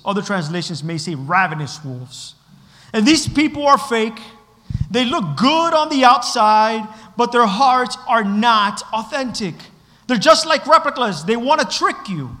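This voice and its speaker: High, bright-voiced man preaching in a hall. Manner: animated storytelling, shifts from hushed to shouting. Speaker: pastor. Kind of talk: sermon.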